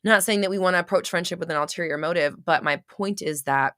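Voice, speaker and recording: A woman's voice: on the low side, fast talker, fairly bright tone, dry recording, studio quality. A woman hosting a live show, talking frankly with listeners, swearing often, full of fillers and restarts, and acting out little scenes. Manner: acts out little scenes in quoted voices. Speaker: podcast host answering listeners. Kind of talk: casual live chat.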